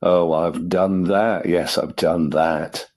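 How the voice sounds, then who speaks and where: A man voicing a flustered, fussy young English gentleman who dithers and frets. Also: low-pitched, fairly even intonation, takes it slowly. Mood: nervous.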